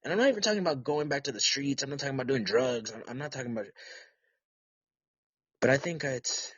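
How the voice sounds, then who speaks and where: A man hosting his own podcast in a rough, husky voice, rambling and teasing with crude words and frequent restarts. The sound is dry and close, with no room around it. The mic gives a dull, lo-fi tone. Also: medium pitch, quick pace, pauses often, fairly bright tone, no room sound. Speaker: podcast host. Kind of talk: casual rambling podcast rant.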